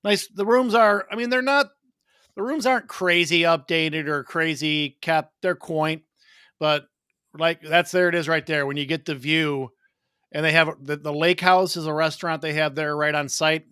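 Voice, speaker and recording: A man's voice: on the high side, moderate pace, sharp tone, clean tone, dry recording, clean studio sound. A man co-hosting a casual real estate chat, easygoing and informative. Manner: easygoing, informative, rambling with restarts. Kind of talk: casual live-stream chat.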